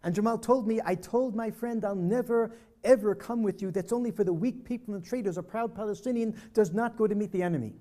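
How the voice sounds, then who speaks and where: Older male storyteller, mellow tone, brings the quoted dialogue to life for a church audience. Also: high-pitched, brisk. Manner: vivid storyteller acting out dialogue. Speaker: speaker at a peace dialogue presentation. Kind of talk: personal storytelling talk. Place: church hall presentation.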